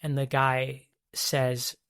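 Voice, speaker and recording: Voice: medium pitch, little pitch movement, drawn-out words, fairly bright tone, clear, resonant tone. Hesitant host retelling a story. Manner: hesitant storyteller with many restarts and fillers. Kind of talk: casual podcast conversation.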